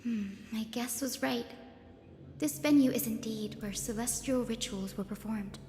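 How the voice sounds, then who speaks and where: A woman's voice: on the high side, measured pace, dark tone, close to an everyday voice. A woman voicing a curious young female investigator in a game, thoughtful and reasoning. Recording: echoey with long reverb.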